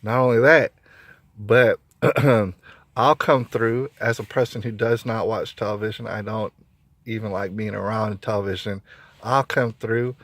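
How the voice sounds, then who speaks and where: A man's voice: mid-range voice, no echo. A man talking straight to camera in an opinionated monologue, emphatic, often repeating points and restarting sentences. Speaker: vlogger.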